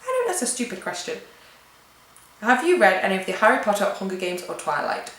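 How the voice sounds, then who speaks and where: A woman's voice: medium pitch, big pitch swings, brisk, fairly bright tone. Chatty young English woman, echoey room. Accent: British. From England. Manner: chatty, reads questions aloud and answers offhand. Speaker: vlogger. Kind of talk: casual tag video chat.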